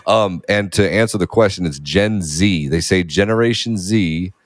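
A man's voice: low voice, normal speed, dry recording, studio quality. A man in his thirties chatting casually as a podcast co-host, blunt and profane, laughing easily. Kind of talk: casual chat.

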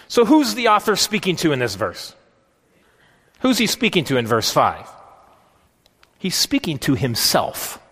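A man's voice: high-pitched, a bit bright. A man preaching a sermon, asking his listeners direct questions and voicing a psalm's pleas with rising intensity. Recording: long hall reverb with faint music behind.

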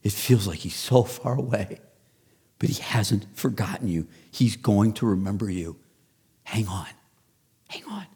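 A man in his fifties, a pastor preaching a sermon, who builds to loud rhetorical questions and then drops low and soft. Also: normal speed, breathy edge.

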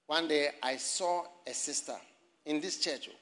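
A man preaching in a church with a high, forceful voice, swinging between loud animated shouts and quiet asides. He talks straight to the congregation and his online viewers, laughing often. A faint hum of room noise sits underneath. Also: a little slow. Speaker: pastor. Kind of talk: sermon.

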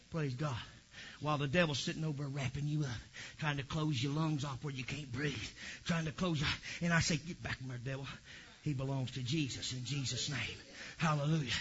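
A man preaching a fervent Pentecostal sermon, swinging from quiet asides to shouted praise. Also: fairly high pitch, husky, lo-fi sound.

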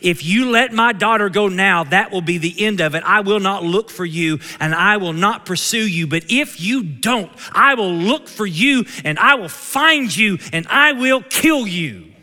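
A man with a Kentucky twang puts on a low, hushed father who threatens kidnappers with slow, cold deliberation. The voice is tight and keen, and it rings with a long reverb in a church hall. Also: expressive, full character voice. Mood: cold menace. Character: menacing calm father threatening kidnappers by phone.

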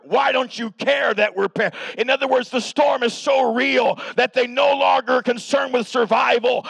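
A man preaching a revival sermon as pastor, shouting with emphasis and then dropping to a hush. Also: very high-pitched, creaky, slightly rough, dry recording. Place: church sanctuary.

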